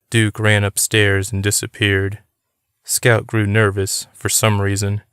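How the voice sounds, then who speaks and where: A man reads an audiobook in a steady, unhurried way. His voice sits low and sounds smooth and clear. The recording is close and dry, with no room around it. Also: no room sound. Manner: steady, even reading. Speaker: audiobook reader. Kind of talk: audiobook narration.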